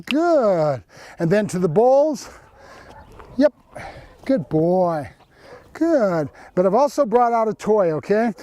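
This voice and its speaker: A man's voice: high-pitched, a little mellow. A man working as a dog trainer, giving a hands-on training demonstration in a plain-spoken, instructional way, wearing a lapel mic.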